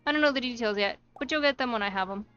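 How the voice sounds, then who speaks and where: A woman's voice: fairly high pitch, rapid-fire, bright, forceful tone, smooth, lo-fi sound. A woman reading a flustered, chatty young bride-to-be from a game. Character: nervous young bride-to-be planning a DIY wedding. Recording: faint music behind.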